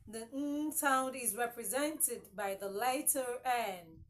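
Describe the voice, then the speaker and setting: A woman's voice: on the high side, fairly bright tone. A woman teaching English consonant sounds, repeating each word several times and checking in with "okay?". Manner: repeats words slowly, asks "okay?" often. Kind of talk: classroom-style lesson. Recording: faint background noise.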